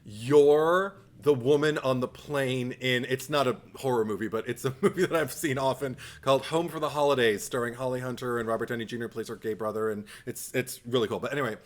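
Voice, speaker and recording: A man co-hosting a podcast, telling stories in a chatty, animated way. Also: mid-range voice, fast, hardly any pauses. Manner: animated storyteller, acts out quotes. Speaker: podcast co-host. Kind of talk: casual film discussion.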